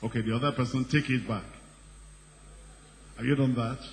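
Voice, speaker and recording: A man preaching a sermon with emphasis, repeating phrases and rising in pitch and volume as he presses his points. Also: fairly even intonation, moderate pace. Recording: reverberant hall with faint background noise.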